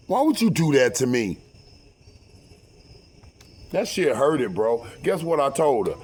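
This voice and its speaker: A man telling a personal story in casual, profane speech, acting out quotes loudly and often repeating and restarting his words. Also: medium pitch, very animated, slow, pauses often, slightly rough.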